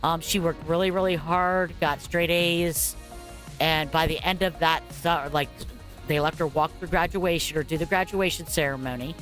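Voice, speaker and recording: A woman's voice: low-pitched, steady tone, normal speed, a bit bright, faint music behind. A woman in her forties tells a long personal story in a casual, rambling way, full of fillers and asides. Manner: rambling, candid, frequent fillers and 'blah, blah, blah'. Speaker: parent telling her story. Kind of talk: casual spoken story over gameplay.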